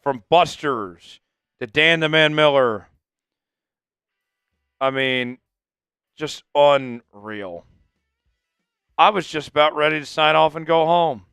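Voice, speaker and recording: A man's voice: on the high side, a little slow, gravelly, pauses often, sharp tone, clear, resonant tone, no room sound, faint music behind. A man hosting a live sports fan stream while drinking, swinging from hype chants to emotional thanks. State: drinking, tipsy. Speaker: sports livestream host.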